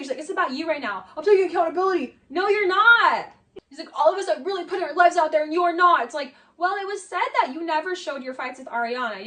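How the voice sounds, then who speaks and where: A woman giving casual, sarcastic commentary on a reality show, talking fast with lots of "like" fillers and sounding exasperated. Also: high-pitched, fairly bright tone, recorded from a distance. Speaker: video essay commentator.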